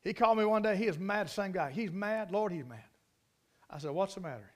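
A man's voice: high-pitched, a little fast. A man preaching a sermon, telling stories in a folksy, emphatic way and repeating key phrases. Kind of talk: storytelling sermon.

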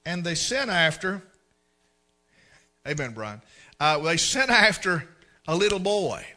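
A man's voice: high-pitched, slow pace. A man preaching a sermon, telling folksy stories and acting out the scenes. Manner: folksy, animated storyteller who acts out scenes. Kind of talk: storytelling sermon.

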